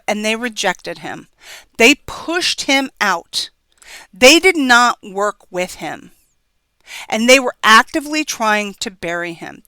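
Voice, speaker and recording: A woman's voice: mid-range voice, pushed and bright, clean tone, no echo. A woman giving an impassioned, scolding opinion monologue on her vlog. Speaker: political commentator.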